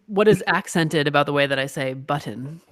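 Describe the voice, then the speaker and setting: A man's voice: fairly high pitch, brisk, fairly bright tone, no echo, clean studio sound. A man hosting a casual podcast chat, playful and teasing, laughing often as he talks. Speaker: podcast host. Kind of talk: casual chat and read sponsor message.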